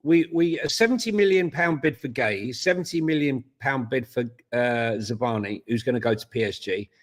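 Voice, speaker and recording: A man's voice: medium pitch, expressive, moderate pace. A man co-hosting a casual football watchalong, talking conversationally with many hesitations. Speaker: co-host.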